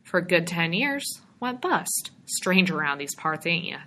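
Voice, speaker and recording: A woman's voice: fairly low pitch, very animated, a little slow, bright, forceful tone, exaggerated voice. A woman reading aloud, voicing a chatty middle-aged small-town real estate man who drops into rural dialect.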